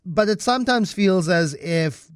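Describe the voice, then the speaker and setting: A South African man hosting a morning radio talk show, speaking in an animated, conversational way into a studio microphone. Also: sits high, a little slow, smooth, no room sound.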